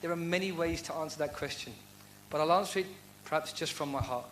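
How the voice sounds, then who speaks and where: A man's voice: a little high, quick pace, a bit bright, a little hiss or hum, low-quality recording. A man speaking earnestly at a university event, answering audience questions in a heartfelt devotional talk full of rhetorical questions. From United Kingdom.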